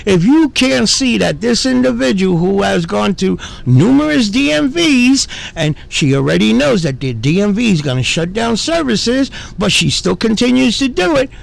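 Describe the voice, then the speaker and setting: A man's voice: high-pitched, very animated, moderate pace, vocal fry, hardly any pauses. A man hosting a commentary video, ranting indignantly and cursing, often repeating himself. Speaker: commentary channel host.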